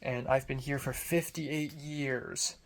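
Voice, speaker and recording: A man putting on the voice of a friendly, frail old woman who speaks English with a Cantonese accent, in a halting, hesitant way. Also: mid-range voice, fairly even intonation, creaky, slight background noise. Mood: chatty.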